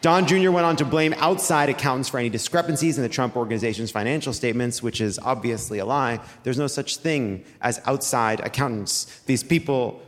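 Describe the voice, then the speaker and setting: A man's voice: medium pitch, a little fast, few pauses. Man doing live comedy in a reverberant hall. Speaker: comedy podcast host. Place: theater stage before a live audience. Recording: live hall recording with reverb and faint noise.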